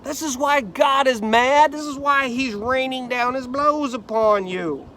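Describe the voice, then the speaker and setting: Man playing a scornful accuser, very high voice, slow, accusing, faint hiss behind. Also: a bit bright. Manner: accusing, emphatic. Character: scornful male accuser berating a suffering man.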